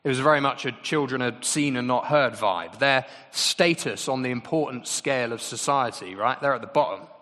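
A man's voice: mid-range voice, normal speed, few pauses, pushed and bright. A man preaching a sermon in a chatty, conversational way, often asking the congregation questions. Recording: long hall reverb.

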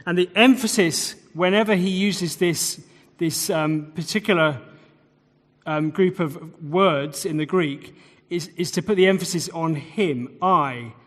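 A man's voice: on the high side, a bit bright. Man preaching in a reverberant hall. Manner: expository, restarts and fillers, emphatic repetition. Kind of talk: sermon.

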